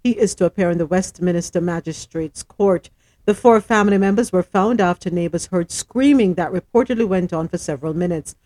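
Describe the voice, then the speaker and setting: A woman's voice: on the low side, fairly quick, mellow. A woman hosting a live radio show, chatting with laughter and reading news items aloud.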